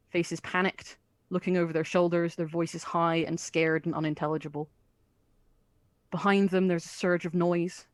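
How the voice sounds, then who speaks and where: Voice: medium pitch, no room sound. A game master narrating a tabletop game with chatty description and frequent fillers.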